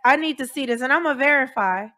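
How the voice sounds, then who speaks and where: A woman's voice: high-pitched, animated, quick pace, pushed and bright. A woman hosting a casual call-in chat, blunt and teasing, often laughing. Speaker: live stream host.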